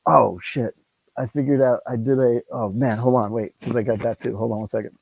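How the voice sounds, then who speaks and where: A man's voice: medium pitch, steady tone, brisk, gravelly, a little mellow, slightly rough, low-quality recording. A man hosting a solo tabletop game on a lapel mic, rambling and ranting, swearing freely. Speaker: solo tabletop game player and channel host. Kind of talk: casual solo game commentary.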